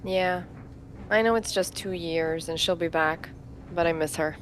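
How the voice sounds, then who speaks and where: A woman's voice: lowish voice, fairly even intonation, unhurried, slight background noise, lightly acted. Woman playing a patient big sister. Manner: soft, explaining patiently. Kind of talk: audio play acting.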